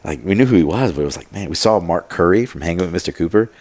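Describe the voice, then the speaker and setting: Fast-talking low-voiced man. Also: animated, darkish tone. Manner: rambling, many fillers and quoted asides. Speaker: podcast guest. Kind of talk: casual storytelling.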